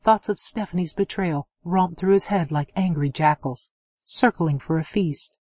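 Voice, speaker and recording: A woman narrating an adult romance novel in a steady, expressive reading on a close mic. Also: on the low side, normal speed, breathy edge. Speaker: audiobook narrator.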